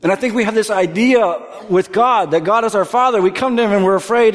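A man's voice: high voice, a little fast, hardly any pauses. Earnest male pastor in a reverberant hall. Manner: earnest, dropping to soft near-whispers for tender moments. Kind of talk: sermon.

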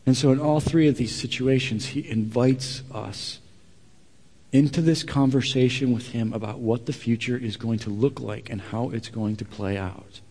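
A man preaching a sermon, telling a scripture story with lively acted-out dialogue and quieter earnest asides. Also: medium pitch, moderate pace. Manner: animated storytelling, acts out dialogue loudly then drops to quiet earnest asides. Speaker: pastor. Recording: long reverb of a large hall.

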